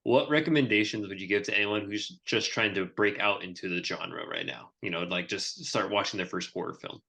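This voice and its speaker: Bright-voiced man podcast co-host. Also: fairly low pitch, brisk, creaky. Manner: jokey, goofy asides. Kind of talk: casual podcast chat.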